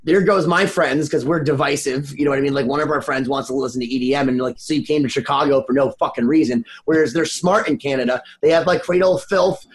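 A man co-hosting a podcast in casual chat, rambling and animated, swearing freely. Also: mid-range voice, quick pace, hardly any pauses. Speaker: podcast co-host.

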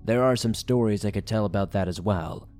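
A man reads a first-person horror story with dramatic, suspenseful delivery. His voice sits on the low side. Faint background music runs beneath the narration. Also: a little fast, a little mellow.

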